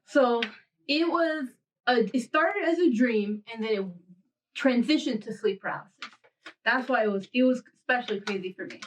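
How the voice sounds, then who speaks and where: High-voiced woman telling a story from a distance. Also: moderate pace. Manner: animated storyteller, acts out quotes, laughs often. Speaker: podcast host. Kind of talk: casual chat, storytelling.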